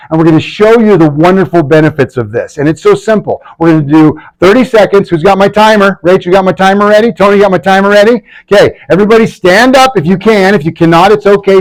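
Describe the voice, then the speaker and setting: A man presenting a health workshop to a live audience, energetic and constantly checking in with the room. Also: high-pitched, low-quality recording.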